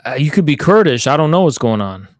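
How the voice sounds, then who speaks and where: A man's voice: mid-range voice, big pitch swings, fast talker, no room sound. A man hosting an online debate space, talking in a brash, mocking, slangy way.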